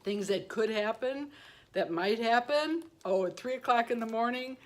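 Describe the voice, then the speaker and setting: A woman in her sixties chatting casually on her vlog, self-deprecating and quick to laugh at herself, telling stories with playful asides. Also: fairly high pitch, lively intonation. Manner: warm storytelling with playful asides. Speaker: beauty vlogger. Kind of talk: casual personal vlog chat.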